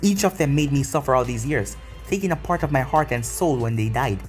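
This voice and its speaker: A man voicing a proud, grieving young male emperor in a read-aloud story, in a steady reading tone. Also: mid-range voice, fairly quick, faint music behind, natural voice. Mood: intense.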